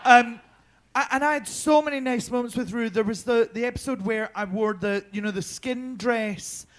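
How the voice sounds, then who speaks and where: A man's voice: very high-pitched, moderate pace, fairly bright tone. A young Scottish man telling a rambling backstage story on a panel, chatty, swearing freely, with lots of ums and restarts. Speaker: drag performer, viewing party panelist. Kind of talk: casual anecdote telling.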